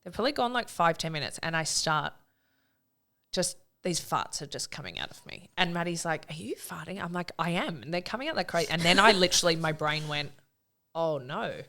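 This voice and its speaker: A woman's voice: sits low, fairly quick. A woman, a mother of three, telling a birth story in casual chat and acting out the quotes. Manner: animated storytelling, acts out quotes.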